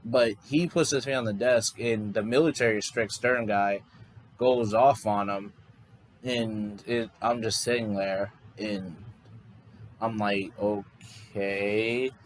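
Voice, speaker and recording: A man's voice: fairly low pitch, steady tone, slow pace, slight background noise, low-quality recording. A man casually improvising a story, rambling loosely with lots of fillers and restarts. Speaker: fan storyteller.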